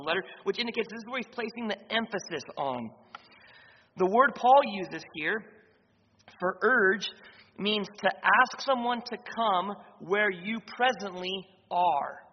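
A man preaching an expository sermon as pastor, restating his points and pausing on fillers. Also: high voice. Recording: dull, slightly noisy reverberant hall.

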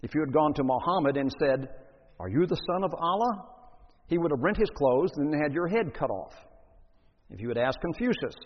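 A man preaching a sermon, reading scripture and then expounding it with deliberate emphasis. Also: fairly high pitch, expressive, slight background noise. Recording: dull lo-fi recording in a reverberant hall.

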